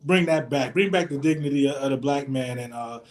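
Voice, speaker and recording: A man's voice: medium pitch, a little fast. A man from Pennsylvania, a tech worker and veteran, talking earnestly on a panel with many you-knows. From Harrisburg, Pennsylvania. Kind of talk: casual panel chat.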